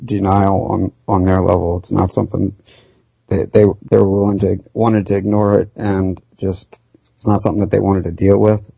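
A low, gravelly man with a dark, raspy voice works through his questions slowly and haltingly. He co-hosts a casual podcast. The sound is dry, dull and lo-fi. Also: flat delivery, dry recording.

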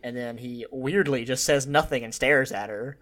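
A man's voice: medium pitch, normal speed. A man co-hosting a casual podcast, recapping a movie scene by scene, often laughing and acting out characters' lines. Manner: animated, laughs often, acts out quoted lines. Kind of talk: casual film recap chat.

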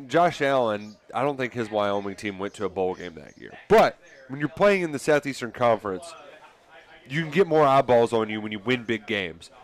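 A man co-hosting a casual sports radio show, talking in a chatty, excitable way. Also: medium pitch. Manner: chatty, excitable, laughs easily.

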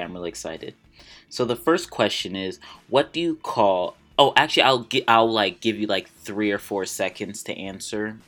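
A man's voice: on the low side, fairly bright tone. A young man hosting a casual vlog, chatty and rambling, laughing at himself as he goes. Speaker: vlog host. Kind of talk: casual solo vlog chat.

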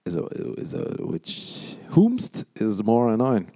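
A man's voice: on the low side, huge pitch swings, takes it slowly, warm tone. Crude Irish man rambling on a podcast. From Ireland. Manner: crude, sarcastic, jumps into mock voices. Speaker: podcast host. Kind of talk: rambling solo podcast chat.

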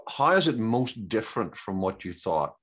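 Hosting an interview podcast, this middle-aged business coach talks in a lowish, fairly bright voice with big swings in pitch. His conversational delivery rambles and halts, packed with fillers and false starts.

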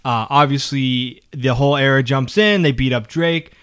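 Man co-host, mid-pitched, bright voice, steady recapping with filler restarts. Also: moderate pace, clean tone. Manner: steady storyteller, restarts often with "um". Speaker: podcast co-host. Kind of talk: casual wrestling recap chat.

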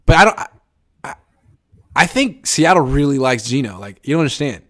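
A man hosting a casual live sports chat, reading viewer comments and giving sarcastic, animated takes. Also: fairly quick. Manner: animated, sarcastic, jumps up in pitch for emphasis.

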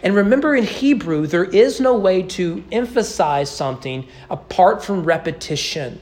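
Animated male preacher with a lively voice. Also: high voice. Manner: expressive preaching, slowing and stressing key words. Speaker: pastor. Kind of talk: sermon. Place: church sanctuary.

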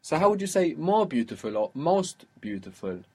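A man's voice: fairly high pitch, sing-song, moderate pace, mellow, slightly rough. A man teaching a one-on-one lesson, explaining patiently and repeating words for the learner. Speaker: Arabic teacher.

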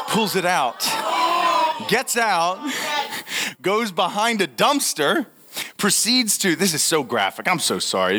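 A young man telling a funny story in a talk, animated and laughing, acting out what people said. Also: a little high, a little hiss or hum. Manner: animated, laughing, acts out quotes. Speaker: speaker giving a talk.

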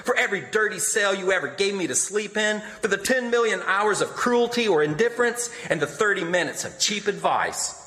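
A man's voice: high voice, expressive, fairly quick, hardly any pauses, bright, forceful tone, a little hiss or hum, pitched above the performer's own voice. A man reading as a bitter, defiant young son. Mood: impassioned. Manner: impassioned, bitter oratory. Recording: long hall reverb.

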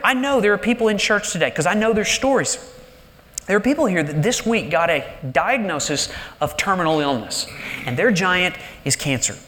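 A man preaching a sermon in a church, animated and shifting pace, dropping low and slow to press a point. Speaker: pastor. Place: large church sanctuary. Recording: live church hall reverb.

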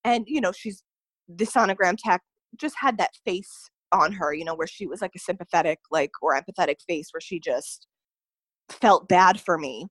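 A young woman appearing as a podcast guest shares a personal story sincerely, filling it with "like" and "you know." Her voice sits on the low side with a breathy edge, at normal speed, with no echo.

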